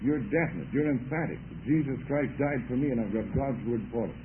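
A man preaching a sermon, talking emphatically and building up to loud exhortation. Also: medium pitch, a little fast, slight background noise. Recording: tinny lo-fi radio broadcast.

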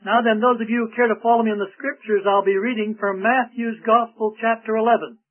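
A man's voice: high-pitched, fairly even intonation, fairly quick. A man preaching a radio sermon in an earnest, emphatic manner. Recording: tinny lo-fi radio broadcast.

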